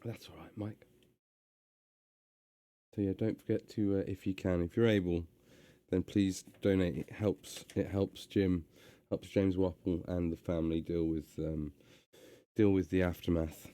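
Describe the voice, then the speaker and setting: A man reading a story aloud and chatting on a live stream, relaxed with many hesitations. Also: low voice, a little slow.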